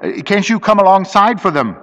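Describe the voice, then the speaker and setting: A man voicing a rough, wary fisherman in a storybook reading, blunt and colloquial, with long reverb. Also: high-pitched, sing-song, a little fast, fairly bright tone, pitched above the performer's own voice. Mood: gruff, urgent.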